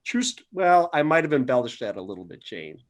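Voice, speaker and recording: A man's voice: mid-range voice, big pitch swings, brisk, a little hiss or hum. A man co-hosting a podcast, telling a playful, exaggerated story to open the show. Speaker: podcast co-host. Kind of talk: casual storytelling intro.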